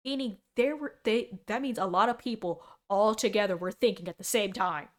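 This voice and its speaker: A young woman in her twenties reacting on a stream in casual talk. She drifts between dry sarcasm and bursts of laughter. Her voice sits in a middle pitch for a woman. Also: fairly quick. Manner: animated, laughs a lot, sarcastic.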